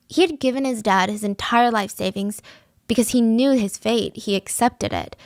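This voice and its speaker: A woman hosting a true crime podcast, telling a case in a casual, conversational way with lively asides. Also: a little high, normal speed, no room sound, studio quality. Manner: conversational, animated asides, raises voice for quoted lines. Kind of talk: casual storytelling narration.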